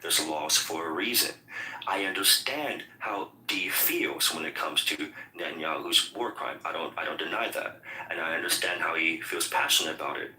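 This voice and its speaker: A man's voice: deep voice, bright, forceful tone, echoey room, slight background noise, low-quality recording. A man hosting a heated political debate, insistent and repeating himself as he tries to hold the floor. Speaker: room host.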